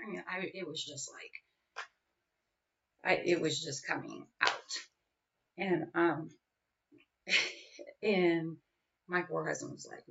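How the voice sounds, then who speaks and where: A woman in her forties chats casually in a vlog, wandering off track and circling back with lots of fillers. Her voice sits low with a gravelly edge. She sounds set back from a dull, lo-fi mic. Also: steady tone, slow pace, long pauses, fairly bright tone, distant mic. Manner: rambling, self-interrupting, with many fillers. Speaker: vlogger. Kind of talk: casual personal talk.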